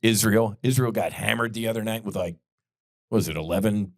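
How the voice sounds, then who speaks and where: A man's voice: lowish voice, brisk, vocal fry, no room sound, studio quality. A man hosting a podcast, delivering blunt, heated political commentary full of profanity. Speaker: podcast host.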